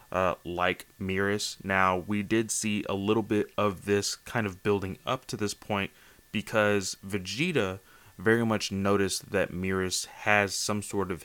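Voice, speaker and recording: A man's voice: low voice, fairly bright tone, no echo. A man hosting a casual solo manga review podcast late at night, tired and slightly slurring, rambling with lots of fillers and restarts. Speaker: podcast host.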